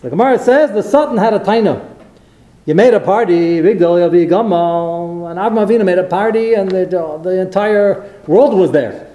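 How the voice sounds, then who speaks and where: A man delivering a Torah lecture, telling stories with animated, acted-out quotes. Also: high voice, normal speed. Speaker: rabbi. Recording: roomy echo.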